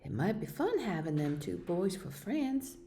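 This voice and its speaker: A woman reading aloud, voicing a gentle, wise old woman who coaxes a child in a storybook. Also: medium pitch, big pitch swings, a little slow, pitched above the performer's own voice. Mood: coaxing.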